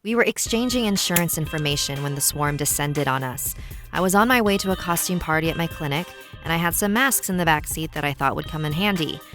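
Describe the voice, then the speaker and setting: A woman's voice: sits low, animated, a little fast, a bit bright, soft background music. An actress playing a practical woman in a unicorn costume, speaking in a dry, matter-of-fact way.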